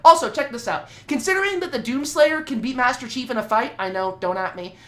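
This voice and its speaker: Brief: woman streamer, high bright voice, jokey and profane, doing a mock Cockney put-on. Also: fairly quick. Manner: playful, profane, puts on a mock Cockney accent. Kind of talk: casual live-stream chat while drawing.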